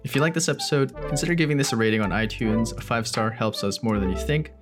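A man's voice: medium pitch, lively intonation, fast talker. A man hosting a podcast, asking a guest a question and reading a sign-off. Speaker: podcast host. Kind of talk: casual interview and scripted outro. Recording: echoey room with music underneath.

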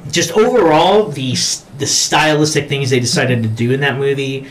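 A man co-hosting a podcast, talking casually about horror movies, swearing a lot and acting out scenes with sudden shouts. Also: mid-range voice, normal speed, a little hiss or hum. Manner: profane, animated storytelling with acted-out shouts. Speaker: podcast co-host.

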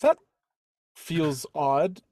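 A man's voice: on the high side, very animated, very slow, a little mellow, no room sound, clean studio sound. A man playing a tabletop game, rambling and correcting himself as he thinks aloud. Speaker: player. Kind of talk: casual tabletop game chat.

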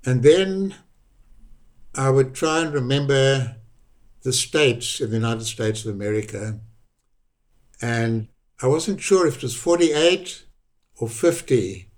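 This is an older man with a South African accent, speaking as a guest in an interview. He tells his story at a very slow, deliberate pace with a voice of middling pitch. He often circles back and repeats a word to give it weight. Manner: unhurried, repeats words for emphasis. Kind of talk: reflective personal storytelling.

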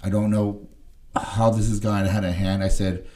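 Against background noise, a man with a fairly low voice and flat delivery speaks at a moderate pace as a guest on a podcast. He recounts his recovery with emotion, frequently restarting his words and checking in with "right?" between phrases.

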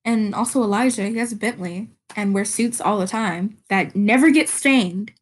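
A woman's voice: mid-range voice, moderate pace. A woman hosting a casual solo podcast, rambling, giggling often and searching for words. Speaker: podcast host.

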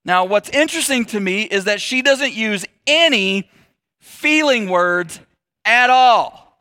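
A man's voice: very high-pitched, lively intonation, unhurried, bright, forceful tone, no room sound, studio quality. A middle-aged man giving a sermon in a conversational, joking way and putting questions to the audience. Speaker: pastor.

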